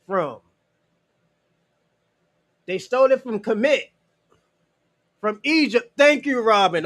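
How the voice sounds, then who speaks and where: A man's voice: extremely high pitch, a bit bright, no room sound. A man from the United States chatting on a casual livestream and answering his chat, talking loosely and profanely, filling gaps with "you know" and chuckling often.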